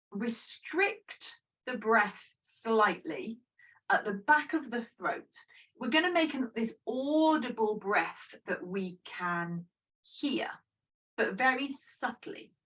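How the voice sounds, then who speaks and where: A woman guiding a yoga breathing practice in a gentle, chatty, self-deprecating way. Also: a little high, expressive, takes it slowly, distant mic, rough recording. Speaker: yoga teacher. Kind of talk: guided breathing instruction.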